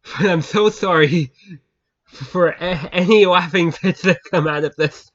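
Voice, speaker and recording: A man's voice: high voice, unhurried, a bit bright. A man telling viewers a funny story in a casual chat, often breaking into laughter and repeating himself. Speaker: channel host. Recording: dull lo-fi recording.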